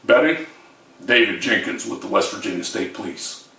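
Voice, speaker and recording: A stern, deep-voiced state trooper, as a man puts him on in a low voice, grave and urgent, leaving long dramatic pauses. It sounds roomy, with the speaker some way from the mic. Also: sharp tone, distant mic.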